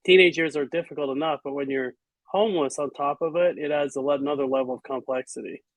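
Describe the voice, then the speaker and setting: A man's voice: on the high side, fairly even intonation, quick pace, dry recording, low-quality recording. A man speaking as a guest in an interview, earnest and reflective, with some hesitations. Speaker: guest author and physician. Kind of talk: interview conversation.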